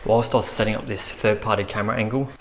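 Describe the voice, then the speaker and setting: A man's voice: on the low side, fairly even intonation, quick pace, fairly bright tone, slight background noise. A man on a ghost-hunting vlog, speaking straight to viewers and calling out to spirits inside an old prison. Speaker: paranormal investigator. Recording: echoey hall with long reverb.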